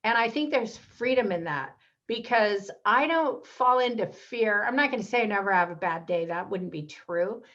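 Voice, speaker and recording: A woman guest in a casual interview, telling personal stories in an animated way and acting out the voices of people she quotes. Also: mid-range voice, normal speed, lo-fi sound.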